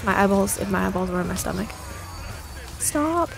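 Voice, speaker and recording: Over music, a young woman gamer races through casual let's play commentary in a creaky, monotone, medium-pitched voice. She jokes at her own expense in jittery self-talk packed with exclamations.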